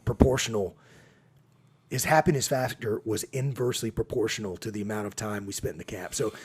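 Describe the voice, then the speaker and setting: A man's voice: on the low side, a little fast, breathy edge. A man telling stories in casual podcast conversation, acting out quotes with laughter along the way. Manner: animated storyteller, acts out quotes with laughs. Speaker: podcast guest.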